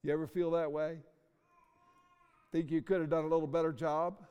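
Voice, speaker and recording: A middle-aged man preaching a sermon in a church, emotional and full of rhetorical questions with dramatic pauses. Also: fairly high pitch, a little mellow, clear, resonant tone. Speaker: pastor. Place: church sanctuary. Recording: long reverb of a large hall.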